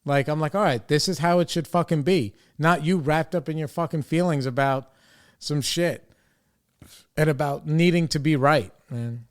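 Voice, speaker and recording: The speaker is a young man hosting a podcast, voice somewhat high and pace normal. He relates a frustrated story in a casual, profane way, doing the quotes of other people in his own voice.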